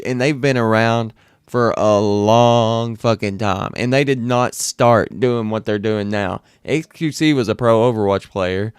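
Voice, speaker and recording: Young guy streamer, loose and profane, smooth voice, dry close sound. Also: medium pitch, no room sound. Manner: rambling and profane, many restarts. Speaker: streamer reacting to clips. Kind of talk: casual reaction stream.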